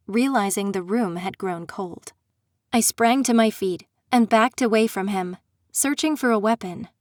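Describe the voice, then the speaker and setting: In a dry, close recording, a woman with a mid-pitched voice narrates a first-person dark fantasy audiobook. Her storytelling is steady and dramatic.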